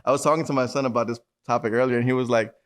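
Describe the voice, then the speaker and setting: A man's voice: mid-range voice, fairly even intonation, racing. Casual man. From New York. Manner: loose, filler-heavy, hedging with "like". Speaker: podcast host. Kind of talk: casual chat.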